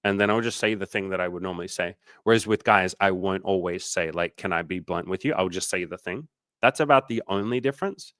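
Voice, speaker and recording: A man's voice: sits low, fairly quick, a bit bright, no room sound. A man working as a dating coach, answering questions on a casual livestream in a candid, loose way, swearing freely and using lots of fillers.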